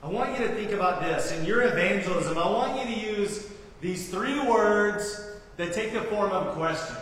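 A man's voice: sits high, expressive, normal speed, a bit bright. A man preaching a sermon as pastor, earnestly calling the listeners beloved and asking them rhetorical questions. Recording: echoey hall from far off, faint ambience.

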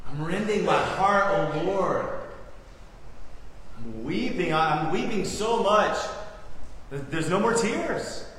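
A middle-aged man preaching a sermon, acting out quotes and swinging from loud to hushed. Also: sits high, lively intonation, slow pace, long pauses, a little hiss or hum. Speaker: pastor. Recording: echoey hall, voice from far off.

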